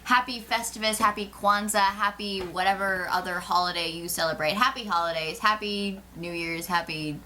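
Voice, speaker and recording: A woman hosts a relaxed chat show, laughing easily between lines. Her voice is bright and forward, at an ordinary pitch for a woman. A faint hiss sits under the recording. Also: moderate pace, few pauses. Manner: giggly, wraps up the show with lists of greetings. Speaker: podcast host. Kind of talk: casual chat.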